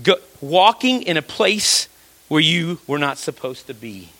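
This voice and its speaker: Guy preaching, bright kinda sharp voice, dry close sound, drops way down low to hit a point. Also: very animated, measured pace, dry recording. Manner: conversational preaching, restarts, rhetorical questions, drops low for emphasis. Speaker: pastor. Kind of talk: sermon.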